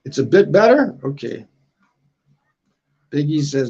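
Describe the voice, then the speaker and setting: A man's voice: fairly high pitch, big pitch swings, moderate pace, gravelly, pauses often, darkish tone, breathy edge, lo-fi sound. A man in his sixties from the United States, rambling crudely on a casual livestream, tacking "man" onto his lines, outdoors on a balcony. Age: 60s. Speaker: livestream host.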